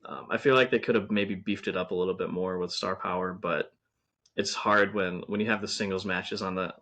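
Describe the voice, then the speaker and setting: Low-voiced man chatting wrestling casually. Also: steady tone, brisk, pushed and bright. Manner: rambling, frequent ums and restarts. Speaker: podcast co-host. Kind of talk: casual wrestling review chat.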